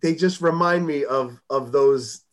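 Hesitant man chatting, slightly high voice. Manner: hesitant, halting restarts. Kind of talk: casual chat.

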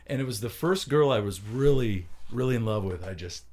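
This man speaks briskly in a medium pitch. Co-hosting a relaxed podcast chat, he relates stories with lots of animation, performing the quotes of those involved.

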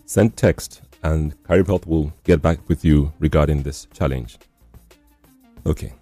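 A man hosting a radio health talk show, speaking in a measured way and often repeating and summing up his guest's points. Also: rumbling low, warm tone, dry recording, soft background music. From Nigeria. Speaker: radio host.

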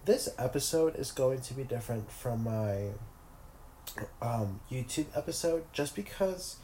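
Sick with a cold, a young podcast host talks from his bed at home in a nasal, mellow, slightly dark mid-range voice. He rambles through a casual solo episode, full of fillers and self-interruptions. The room echoes noticeably, and there's a little hiss or hum.

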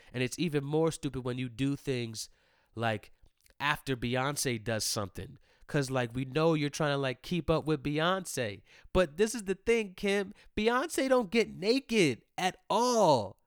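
Profane, animated man ranting casually. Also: medium pitch, no echo, clean studio sound. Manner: animated, profane, swings between loud outbursts and mumbled asides. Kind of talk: casual comedic rant.

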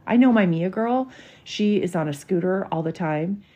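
A woman's voice: fairly low pitch, lively intonation, moderate pace, warm tone. A woman, hosting a podcast and telling a personal story in a candid, emotional, chatty way. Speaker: podcast host. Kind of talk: casual storytelling monologue.

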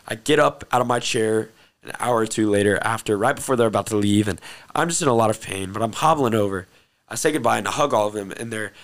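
A young man earnestly telling a personal testimony story, excitable and repeating phrases for emphasis. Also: lowish voice. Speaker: host telling his testimony.

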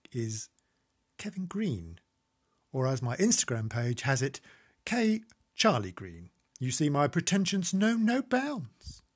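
A man's voice: mid-range voice, breathy edge. A man hosting a comic podcast monologue, camp and theatrical, swooping between squeals and mutters. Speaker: podcast host.

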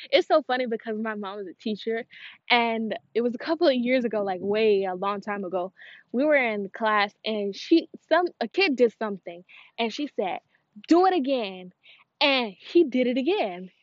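An American cooking vlogger chats casually at home as she cooks, moving between the kitchen and outdoors. She drifts from one thought to another and pauses to coax her dog. Her voice is a little high, and the audio is dull with no echo.

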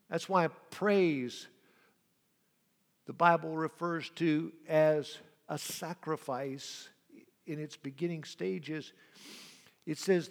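A man preaching a sermon as pastor, swinging between loud cries and soft whispers, with a gravelly voice. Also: a little high, slow, pauses often, big-room sound.

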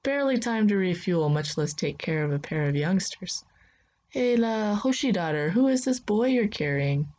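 A woman's voice: medium pitch, expressive, normal speed, a little mellow, lightly acted. A woman voicing a kind, poor, easily confused old male space pilot who mutters to himself and speaks in a folksy, soothing way. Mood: gruff, muttering.

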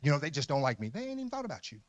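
A man preaching a sermon as pastor in a church, emphatic, dropping to low murmurs and rising to loud shouts. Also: huge pitch swings, very fast. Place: church sanctuary.

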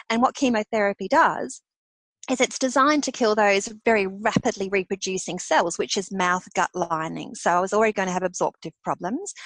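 A woman, a podcast guest, telling a personal story in an animated way and laughing often between phrases. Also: mid-range voice, dry recording, rough recording.

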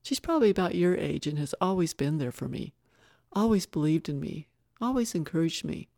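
A woman's voice: low-pitched, animated, brisk, creaky, dark tone, no echo, studio quality. A woman narrator voicing a wary young woman recovering from an accident, speaking earnestly and anxiously. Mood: fond.

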